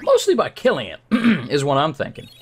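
A man's voice: on the high side, wildly swooping pitch, normal speed, husky. A man hosting a let's play, talking through a game in a hyper, joking, chatty way. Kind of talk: gameplay commentary.

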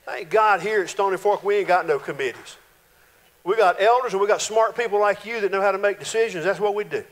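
A male pastor, preaching a folksy, animated sermon full of playful voiced quotes in a church sanctuary. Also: high voice, a little fast. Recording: reverberant church hall.

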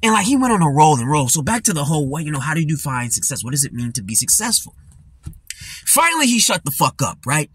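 A man's voice: a little high, big pitch swings, fast talker, a bit bright, slightly rough. A man giving casual commentary, rambling and laughing, full of "you know" fillers. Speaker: commentary vlogger.

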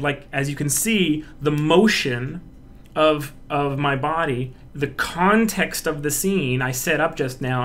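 A man lecturing on animation, acting out examples energetically and filling his speech with "like" and "um". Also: fairly high pitch. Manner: animated, acts out examples, filler-heavy. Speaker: animation instructor. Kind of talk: recorded lecture with demonstrations.

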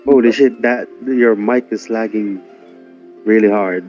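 A man's voice: lowish voice, a little slow, faint music behind. A man on a voice call with a friend, blunt and teasing, swearing freely. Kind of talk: casual voice chat. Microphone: voice chat over internet. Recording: dull voice call audio.

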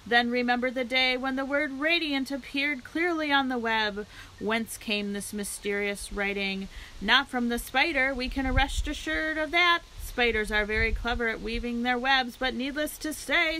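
Pompous male fair announcer on a loudspeaker, read by a woman, high and bright, grand speechy delivery, storybook read-aloud. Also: slight background noise, low-quality recording. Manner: grand, speechifying, drawn-out phrases.

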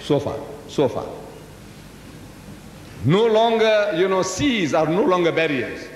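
An old man in his seventies lecturing in a storytelling way, his pitch rising and dipping all the time. He keeps turning to the audience with rhetorical questions. His voice echoes through a big hall over a faint hiss. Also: animated, takes it slowly. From South Africa. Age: 70s. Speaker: Muslim lecturer. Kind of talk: religious public lecture.

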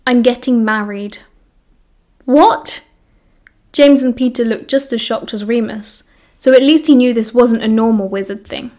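A woman with a British accent narrating an audiobook in a steady storytelling manner. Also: a little high, normal speed. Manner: steady storytelling, voicing characters.

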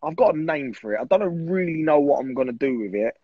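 A young man talks in a blunt, fired-up way, swearing freely. His voice is slightly high and husky. The recording sounds dry and a little dull. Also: expressive, quick pace, no room sound. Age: 20s. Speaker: guest. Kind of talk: casual podcast chat.

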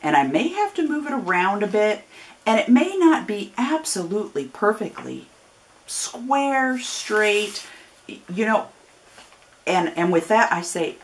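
A woman's voice: medium pitch, sing-song, unhurried, slight background noise. A woman from Northern Ohio with a Northern US accent that has picked up a Southern twang, giving a chatty, folksy step-by-step craft demonstration with friendly warnings and rambling asides. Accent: Northern US with a growing Southern twang. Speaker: craft tutorial host.

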